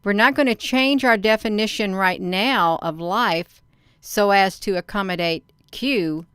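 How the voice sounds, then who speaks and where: A woman's voice: medium pitch, normal speed, a bit bright, clean tone, no room sound, clean studio sound. A woman hosting her own channel, reading a document aloud and commenting on it casually. She stresses words and repeats phrases, often calling out to viewers as "you all".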